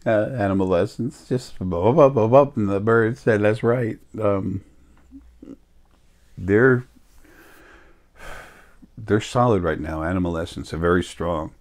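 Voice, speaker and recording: Deep voiced guy, kinda sick and coughy, rambling on slow. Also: a little mellow. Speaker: vlogger. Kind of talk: casual monologue.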